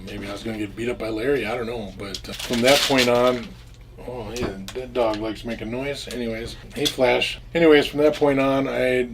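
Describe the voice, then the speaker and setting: A man's voice: medium pitch, fairly even intonation, normal speed, noisy background. A man casually telling a story from his own past, rambling with restarts and frequent swearing. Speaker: storyteller recounting his past as a drug dealer.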